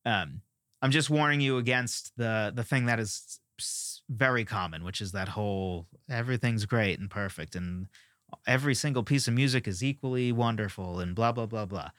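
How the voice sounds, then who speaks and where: A man's voice: on the low side, moderate pace, a bit bright, no echo, clean studio sound. Opinionated man ranting about songwriting. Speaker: songwriting teacher. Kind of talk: casual lesson on songwriting.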